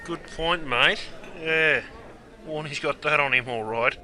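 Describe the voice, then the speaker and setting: A man's voice: on the high side, measured pace, pushed and bright. A man with a broad Australian accent explaining sporting slang in a blokey, scripted comic style, calling everyone mate. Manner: blokey, says mate constantly. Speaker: host teaching Australian slang.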